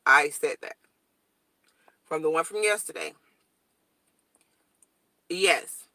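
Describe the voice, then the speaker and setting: A young woman chats to her viewers in a casual morning vlog, blunt and straightforward. Her voice is bright and sharp. The sound is dry and close, with no room echo. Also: low-pitched, takes it slowly, vocal fry. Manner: blunt, straightforward, animated storytelling. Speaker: vlogger.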